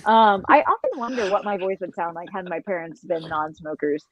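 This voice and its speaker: A young woman voice actor with a slightly husky, textured voice, telling a rambling story in casual panel chat and slipping into voices. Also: on the low side, expressive, a little fast, a bit bright, highs cut off.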